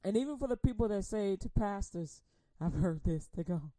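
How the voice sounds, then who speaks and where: A woman preaching a humorous sermon, telling animated stories, laughing often and acting out quotes in casual slang. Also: mid-range voice, normal speed, no echo.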